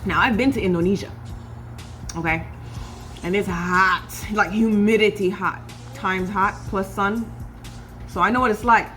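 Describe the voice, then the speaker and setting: A woman's voice: mid-range voice, fairly even intonation, measured pace, long pauses, fairly bright tone, faint music behind. Chatty woman cooking and talking. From California. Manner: chatty, addresses viewers as "y'all". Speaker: cooking vlogger. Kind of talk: casual cooking chat.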